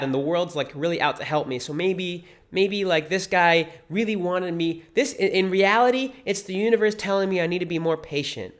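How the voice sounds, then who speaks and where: A man's voice: mid-range voice, a bit bright. A man talking casually and emphatically in an unscripted vlog monologue, swearing freely. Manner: casual, emphatic, swears freely, mocks views in put-on voices. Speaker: vlogger.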